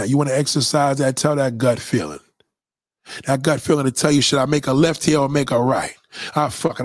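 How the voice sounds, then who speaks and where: A man streaming a casual, profane monologue, preachy and animated as he lectures his viewers. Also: medium pitch, no echo, clean studio sound. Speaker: live streamer.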